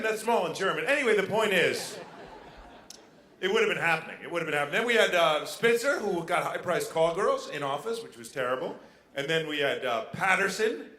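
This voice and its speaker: Brash, bright-voiced male stand-up comic. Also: sits high, a little hiss or hum. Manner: brash, animated, jumping into quick voices. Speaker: stand-up comedian. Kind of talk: stand-up comedy set. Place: casino showroom stage. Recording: echoey venue with faint ambience.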